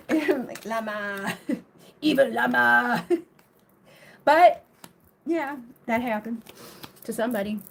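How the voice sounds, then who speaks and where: A woman chats loosely on a live tarot stream, sitting a little higher than most women's voices. She wanders from thought to thought, swears freely and breaks into laughter and goofy word riffs. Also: a little hiss or hum. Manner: rambling, profane and laughing; playful silly vocal riffs. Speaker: tarot reader. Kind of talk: casual live-stream chat.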